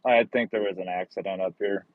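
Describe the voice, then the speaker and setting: A man with a lowish voice chats casually on a live stream while he drives his delivery route. He drifts between jokes and rambling asides. The sound is dry and narrow, like a phone line. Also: fairly even intonation, fairly quick, dry recording. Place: in a car while driving.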